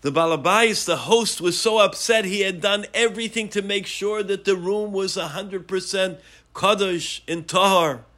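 A man giving a daily Torah lesson, explaining a teaching and telling a story in a measured way. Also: high voice, fairly bright tone.

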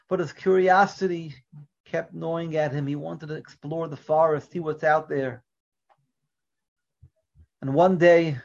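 A man delivers an earnest Torah lecture with a fairly high voice, often sinking to a quiet, soft delivery as he makes a point. The recording is dull and lo-fi, with little crispness. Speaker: Torah teacher. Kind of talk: religious lecture with storytelling.

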